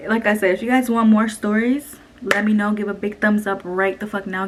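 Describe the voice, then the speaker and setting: A woman's voice: mid-range voice, level tone, fairly quick, few pauses. A young woman vlogging at home, telling a story in a blunt, profane, venting way, with faint noise behind her. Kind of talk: casual story time vlog. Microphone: camera.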